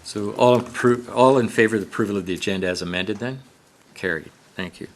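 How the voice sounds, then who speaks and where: A man chairing a regional council meeting, running through agenda items in an informal, halting way with many fillers. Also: lowish voice. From Canada.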